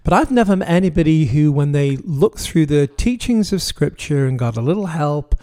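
Pastor guy teaching from his home office, earnest, fairly high voice, slows down to hit the big points. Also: lively intonation, dark tone. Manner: earnest, emphatic, slows for key phrases. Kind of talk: sermon-style teaching, recorded from home.

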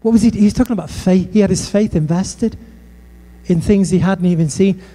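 A man's voice: high-pitched, brisk, mellow. A male pastor from the United Kingdom preaching a passionate sermon with conversational asides in a church hall. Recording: echoey hall.

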